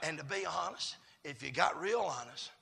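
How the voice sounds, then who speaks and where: A man preaching a sermon, swinging from quiet murmurs to shouted, chanted climaxes. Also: on the high side, expressive, normal speed, gravelly.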